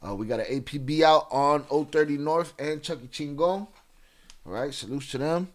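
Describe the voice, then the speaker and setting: A man's voice: a little high, normal speed. Laid-back man hosting a live stream. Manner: laid-back, slangy, giving viewers shout-outs. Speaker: livestream host. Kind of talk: casual live-stream chat.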